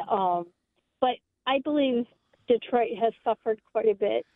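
A woman's voice: fairly high pitch, dry recording. Woman calling in over a tinny phone. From Michigan. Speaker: caller. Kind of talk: call-in radio chat. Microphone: phone line.

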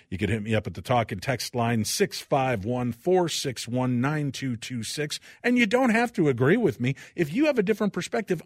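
A middle-aged man hosting a talk radio show, speaking with passion that swings from loud outbursts to quiet reflection, into a studio microphone. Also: mid-range voice, no room sound.

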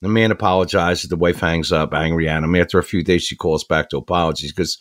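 A man hosting a talk radio show, energetic and jokey, telling a funny story. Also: deep voice, fast talker, few pauses.

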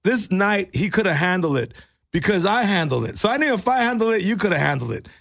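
A man's voice: sits high, fast talker, vocal fry, no room sound. A middle-aged male comedian and coach telling stories in a casual podcast chat, swearing freely and calling people bro. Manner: animated storyteller, swears and says bro.

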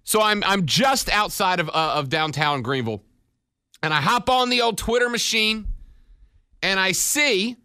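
A man hosting a sports radio show, joking around and rattling off stats quickly at a studio mic. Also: high voice, sharp tone, smooth, no echo. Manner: wisecracking, rattles off stats fast. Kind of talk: casual sports radio talk.

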